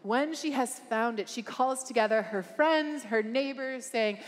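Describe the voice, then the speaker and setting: A woman's voice: fairly high pitch, unhurried, long reverb tail, slight background noise. A woman speaking at a conference, preaching with earnest emphasis and asking the crowd questions. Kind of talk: preaching a talk. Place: large conference hall.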